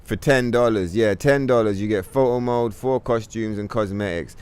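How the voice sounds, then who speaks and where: A man's voice: on the low side, moderate pace, a little mellow, smooth. Exasperated ranting male game streamer. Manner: profane, exasperated ranting with mocking put-on voices. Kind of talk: casual gaming stream rant.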